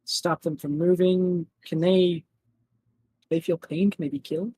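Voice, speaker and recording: A man's voice: high-pitched, steady tone, unhurried, mellow, breathy edge, low-quality recording. A man playing a tabletop game who asks questions and pleads in a hesitant way. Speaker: player. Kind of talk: tabletop play.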